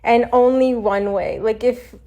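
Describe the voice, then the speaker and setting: Slightly high woman musing casually. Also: steady tone, a little slow, mellow. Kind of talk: casual chat.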